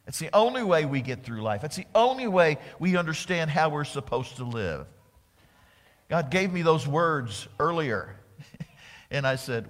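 A male pastor delivering a dramatic sermon in a church, swinging from loud exclamations down to whispers. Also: on the high side, sing-song, a little slow, big-room sound.

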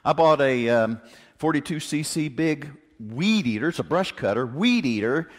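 A man preaching a sermon in a folksy, joking, animated way, mixing stories with scripture. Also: fairly high pitch, moderate pace. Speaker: pastor. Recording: long hall reverb.

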